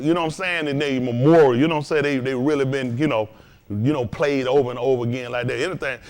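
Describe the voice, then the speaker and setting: An animated man hosts a loose, joking lesson talk. His voice runs high and swings widely in pitch. He tells stories full of laughter. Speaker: host and teacher.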